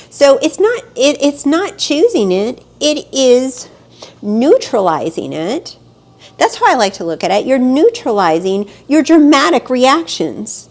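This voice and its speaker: A woman coaching her audience on acceptance in a motivational monologue. She talks animatedly to the camera on a close mic and builds to emphatic outbursts. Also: a little high. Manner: acts out panicked inner voices. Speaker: spiritual life coach.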